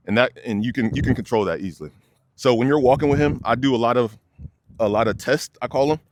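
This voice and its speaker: A man's voice: mid-range voice, fast talker, background noise. A young man, a dog trainer, explaining leash work casually outdoors and addressing viewers as y'all. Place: outdoors by a fence near many dogs.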